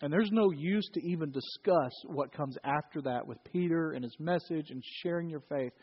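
A middle-aged male pastor with a Southern US accent preaching a sermon in a folksy way, moving between loud storytelling and quiet, solemn preaching. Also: fairly high pitch, normal speed, slightly rough. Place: church sanctuary. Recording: muffled, hall reverb from a church.

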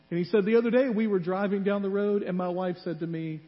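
A male pastor preaches in a church sanctuary in a high, brisk voice with hardly any pauses. He tells stories with animation, acting out the voices in the quotes. The audio is muffled, like a hall with long reverb.

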